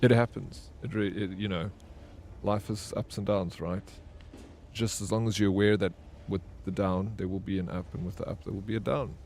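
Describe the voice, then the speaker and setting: A low-pitched man with vocal fry and a darkish tone speaks at normal speed with fairly even intonation, over a faint hiss or hum. He streams a video game live, chatting casually, reading and answering chat messages, and telling rambling stories full of fillers and restarts.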